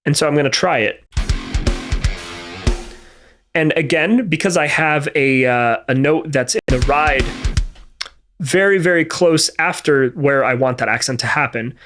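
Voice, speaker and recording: A fairly high-pitched male instructor speaks at normal speed while demonstrating MIDI drum programming in a screen recording. His approach is methodical and think-aloud, with many fillers and restarts, and drums and music play back between remarks.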